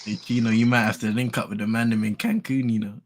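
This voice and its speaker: A man's voice: on the low side, fairly even intonation, fast talker. A man with a British accent co-hosting a basketball watchalong, jokey and repeating his words. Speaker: co-host of a sports watchalong. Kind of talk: casual chat.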